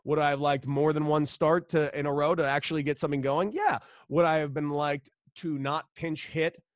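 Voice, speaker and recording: Man, storytelling, animated, swears, acts out dialogue, dry close sound. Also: fairly high pitch, normal speed, dry recording. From Los Angeles, United States. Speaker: former pro baseball player, guest. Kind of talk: casual storytelling interview.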